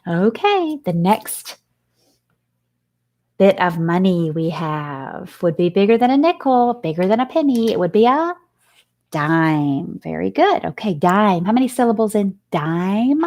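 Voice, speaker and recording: Woman teacher sounding out letters slowly. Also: medium pitch, very animated, darkish tone. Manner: sounds out letters slowly, asks questions and answers them with praise. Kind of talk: recorded phonics lesson for young children.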